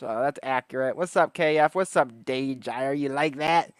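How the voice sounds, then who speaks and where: Smooth-voiced joking livestream host. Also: male voice, mid-range voice, moderate pace, hardly any pauses, no echo. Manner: joking, greets chatters by name. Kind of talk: casual late-night chat. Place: outdoors on a porch.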